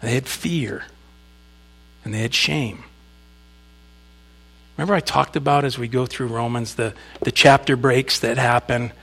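A man's voice: medium pitch, measured pace, gravelly, long pauses, a bit bright, husky. A man preaching a sermon, speaking conversationally to the congregation with asides and reading scripture with emphasis. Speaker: pastor.

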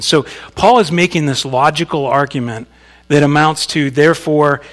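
A man's voice: fairly high pitch, moderate pace, fairly bright tone. A man preaching a sermon, speaking conversationally to the congregation with asides and reading scripture with emphasis. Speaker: pastor.

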